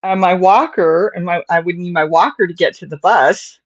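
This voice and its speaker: A woman's voice: on the low side, moderate pace, no echo, highs cut off. An older woman hosting a crochet livestream, chatting in a rambling, casual way to viewers and often chuckling. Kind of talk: casual chat while crocheting.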